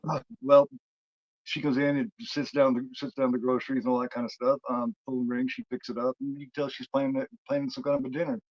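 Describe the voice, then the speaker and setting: A man's voice: mid-range voice, level tone, fast, a little mellow, dry recording. A podcast co-host rambles through a film's plot in casual chat, stopping and restarting often. His mid-range voice comes through a muffled, lo-fi recording that sounds dry and close. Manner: rambling, full of fillers and restarts. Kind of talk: casual film retelling.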